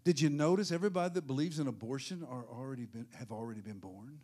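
A male pastor preaching a sermon in church, swinging from hushed asides to shouted, sing-song peaks. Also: mid-range voice, quick pace.

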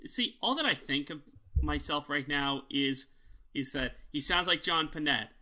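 A man co-hosts a podcast in a loose, casual chat, his voice slightly high and very bright. He talks a little slowly while ranting with strong opinions and swearing freely.

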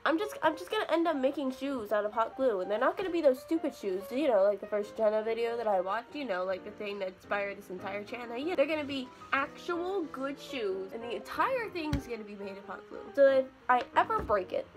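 In a casual bedroom vlog shot on her phone, a young woman rambles and chats while poking fun at herself. She speaks briskly with few pauses, her fairly high voice full of lively intonation, with faint music behind.

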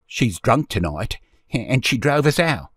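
A man voicing a frightened, ragged young street boy who pleads in rough, ungrammatical speech. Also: mid-range voice, sing-song, a little slow, slight background noise, pitched above the performer's own voice. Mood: sullen.

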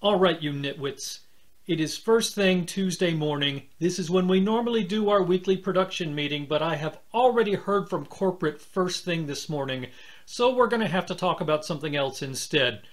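Exasperated man with a high voice. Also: lively intonation, normal speed. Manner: exasperated, scolding. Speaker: show host.

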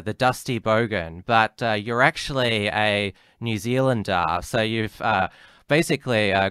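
A man's voice: lowish voice, a bit bright, clean tone, no echo, studio quality. A man hosting an interview show, asking questions hesitantly with many uhs. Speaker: podcast host.

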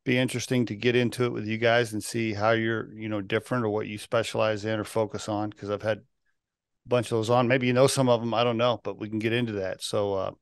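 A man's voice: fairly low pitch, little pitch movement, fairly quick, smooth, no echo, studio quality. A man hosting a podcast, talking loosely and easygoing with lots of "you know" and "uh". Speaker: podcast host. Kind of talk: casual interview conversation.

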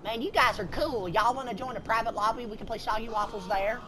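A woman gamer talking loud, goofy and profane in online party chat, drawling "y'all" and "feller". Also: fairly high pitch, fast talker, background noise. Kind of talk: rowdy party chat while gaming.

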